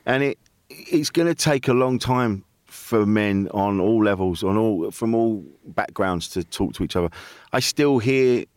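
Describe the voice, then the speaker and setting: A man's voice: fairly low pitch, measured pace, a little mellow, no room sound. A man hosting a podcast in casual chat, chatty and swearing freely, with many restarts. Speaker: podcast host.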